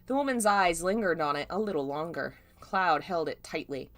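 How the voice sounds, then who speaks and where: A woman's voice: lowish voice, expressive, normal speed, a bit bright. A woman streaming a live reading of fan fiction, amused, often breaking off with laughter and side comments. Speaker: fanfiction reader.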